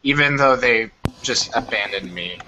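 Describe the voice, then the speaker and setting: A man's voice: medium pitch, animated, unhurried, sharp tone, dull audio, slight background noise. A man voicing a banished goliath warlock, speaking in a brooding, solemn first person.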